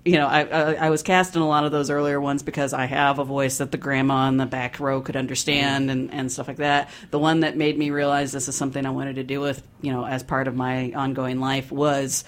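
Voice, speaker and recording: An upbeat talk show host chats casually with a guest. The voice sits in a middle pitch and the host laughs often while telling stories. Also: level tone, fairly quick, few pauses. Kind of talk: casual chat.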